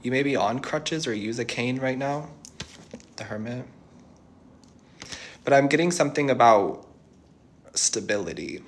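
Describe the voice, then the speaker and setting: A man's voice: mid-range voice, lively intonation, unhurried, long pauses. A young man giving a tarot reading to viewers, reassuring and thinking aloud as he channels messages. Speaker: tarot reader.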